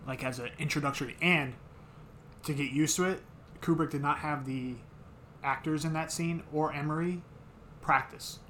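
A man's voice: fairly high pitch, fairly even intonation, normal speed, long pauses, a bit bright, a little hiss or hum. A man co-hosting a casual movie podcast and sharing trivia in a matter-of-fact way. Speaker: podcast co-host.

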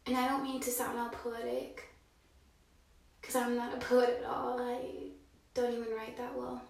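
A young woman giving a rambling, heartfelt confessional monologue from a dark bathroom, sometimes dropping to a hushed whisper. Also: a little high, unhurried, creaky. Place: dark bathroom, sitting in a bathtub. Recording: very echoey bathroom, mic at a distance.

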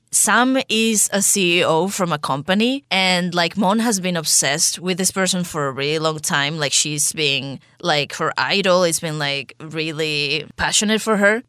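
Chatty woman podcaster, bright clear voice, slightly low, dry close sound, says "like" a lot. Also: no room sound. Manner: chatty, lots of "like" fillers, animated retelling. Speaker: podcast co-host. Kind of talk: casual podcast chat.

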